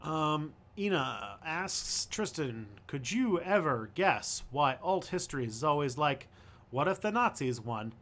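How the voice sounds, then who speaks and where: A male host answering viewer questions on a casual livestream, thinking aloud in a halting way with many fillers and restarts. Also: on the high side, big pitch swings, a bit bright.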